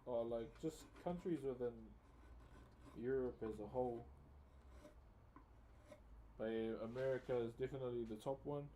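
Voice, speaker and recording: A young man with a New Zealand accent, chatting casually on a livestream, relaxed and reading out viewers' messages, on a headset mic. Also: mid-range voice, moderate pace, long pauses, slight background noise. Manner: relaxed, chatty, reads out chat. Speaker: live streamer.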